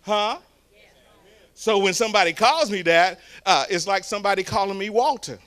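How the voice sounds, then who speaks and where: A man preaching a storytelling sermon, swinging from hushed asides to loud shouts. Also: high voice, expressive, moderate pace, clean tone. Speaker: guest preacher. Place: church sanctuary.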